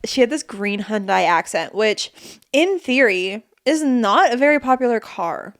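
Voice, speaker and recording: A young woman in her twenties co-hosting a podcast, telling animated stories with lots of swearing. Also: fairly high pitch, measured pace. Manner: animated storytelling, swears freely, acts out quotes. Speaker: podcast co-host. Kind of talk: casual chat.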